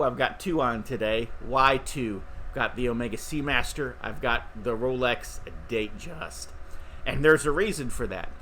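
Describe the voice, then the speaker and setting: Middle-aged man, podcast host, bright tone, chatty and rambling, faint background noise. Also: medium pitch. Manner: rambling, chatty, with fillers and restarts. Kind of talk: casual talk to camera.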